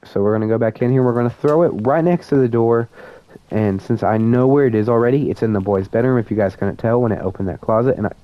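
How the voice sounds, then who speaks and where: A young student gamer comments casually on a horror game, nervous and poking fun at himself as he talks to viewers. His mid-range voice moves fast. The recording is dry with a dull lo-fi sound.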